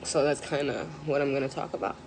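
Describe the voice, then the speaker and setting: A woman speaking on a live stream, close to tears, hesitant and full of pauses and fillers. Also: very deep voice, fairly even intonation, darkish tone, a little hiss or hum. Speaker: mental health live streamer. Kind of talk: emotional live stream talk.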